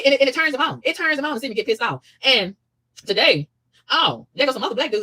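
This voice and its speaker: A woman rattles off a rapid, exasperated rant. Her pitch leaps and dips with lively swings, and she barely pauses between complaints. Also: breathy edge. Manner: fast, exasperated ranting with animated pitch swings. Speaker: vlogger. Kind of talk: ranting monologue.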